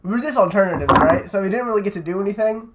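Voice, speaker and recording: A man's voice: sits high, racing, heavy background noise. A young man, a podcast host, telling a rambling, profane story in casual chat and tacking "right?" onto his sentences.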